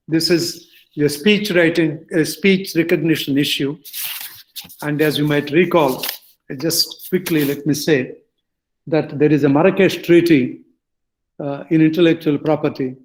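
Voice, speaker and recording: An older man from India with an Indian English accent, giving a lecture-style talk with halting phrasing, many fillers and self-corrections. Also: fairly high pitch, a little hiss or hum, poor audio. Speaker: guest speaker.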